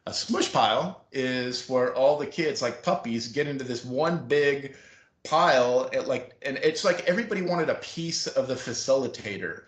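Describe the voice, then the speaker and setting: A man's voice: medium pitch, a bit bright. A middle-aged man telling a long, rambling story in a casual interview, acting out the voices of the people in it. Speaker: interview guest, former school staff member. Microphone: video call. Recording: roomy video-call audio.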